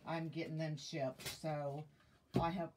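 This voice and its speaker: Slow-talking woman crafter. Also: low-pitched, flat delivery, background noise. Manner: chatty, greets viewers, thinks aloud with fillers. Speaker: wreath maker hosting a live stream. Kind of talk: casual live craft demonstration. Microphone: tablet mic.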